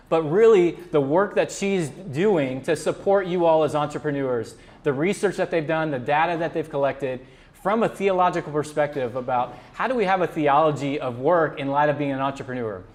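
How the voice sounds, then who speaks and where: A man hosting a luncheon, earnestly introducing the guest speaker with occasional fillers. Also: fairly high pitch. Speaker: event host. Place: luncheon event room.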